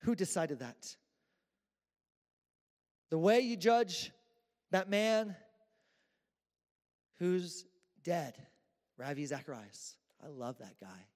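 A man's voice: a little high, slow pace, pauses often, darkish tone. A man preaching a sermon in a church, casual and joking with slang. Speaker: pastor. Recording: echoey church hall.

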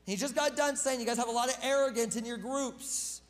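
Very high male voice, casual pastor mid-sermon, long hall reverb. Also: a little fast, hardly any pauses. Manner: casual, conversational preaching with slang and self-deprecating asides.

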